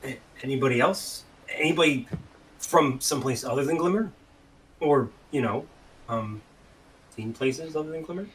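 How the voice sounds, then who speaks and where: A man's voice: medium pitch, normal speed, long pauses, a bit bright, slight background noise, poor audio. A man playing a tabletop game, asking curious questions in character. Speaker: player. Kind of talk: in-character role-play.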